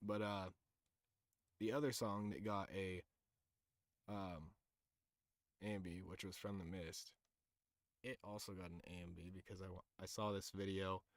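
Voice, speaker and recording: A man's voice: deep voice, steady tone, unhurried, long pauses, no echo, clean studio sound. A man streaming, chatting casually about music and anime in a loose, profane, rambling way with lots of fillers. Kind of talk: casual livestream chat.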